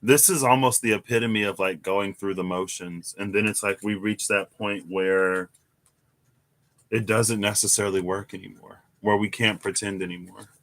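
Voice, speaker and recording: A young man giving a casual, musing tarot reading, animated at times with sudden high exclamations. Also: normal speed. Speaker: tarot reader. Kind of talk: casual reflective monologue.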